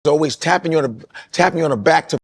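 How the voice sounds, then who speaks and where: A man hosting a casual podcast panel, talking in a blunt, animated way with casual swearing. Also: fairly high pitch, rapid-fire, creaky.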